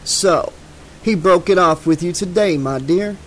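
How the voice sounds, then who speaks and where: A man voicing a polite, sinister middle-aged gentleman who talks in a silky, patronizing way. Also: high voice, measured pace, a little hiss or hum. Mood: smooth, probing.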